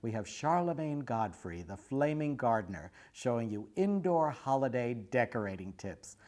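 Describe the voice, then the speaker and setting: A man's voice: mid-range voice, big pitch swings, normal speed, darkish tone. A man hosting an online talk show over a video call, earnest and effusive with his thanks. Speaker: show host.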